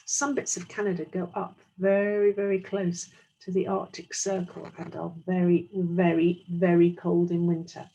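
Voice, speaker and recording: A woman's voice: on the low side, level tone, normal speed, vocal fry, dark tone, breathy edge, lo-fi sound. A woman teacher reading a storybook aloud to young children, explaining as she goes.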